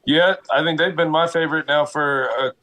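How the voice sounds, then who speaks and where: A man co-hosting a casual sports talk show, talking quickly and conversationally and often repeating himself. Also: on the high side, fairly even intonation, pushed and bright, rough recording. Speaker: co-host.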